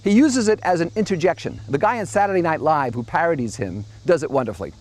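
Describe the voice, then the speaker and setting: A man's voice: a little high, lively intonation, fast, a little mellow. A middle-aged man hosting a monthly opinion commentary, delivering a sardonic, mocking monologue. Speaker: host.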